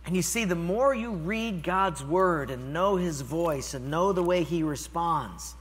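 An older man preaching a sermon, telling stories with lively swings from loud calls to hushed, quiet lines. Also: a little high, measured pace, husky, in a large hall. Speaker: pastor.

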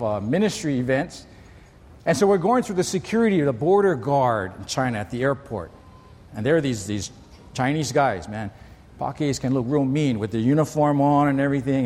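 A man delivers a sermon in a relaxed, storytelling way, his voice sitting a little high for a man. He leans on rhetorical questions and doubles up his words as he talks. The recording carries the long reverb of a large church hall. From Hawaii. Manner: conversational, asks rhetorical questions, repeats words. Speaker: pastor.

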